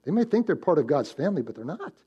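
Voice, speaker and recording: A man preaching a sermon as pastor, swinging between loud emphatic build-ups and hushed low warnings, telling stories and posing questions to the congregation. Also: very animated, fast talker, breathy edge, muffled recording. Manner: storytelling with direct questions to the congregation. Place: church.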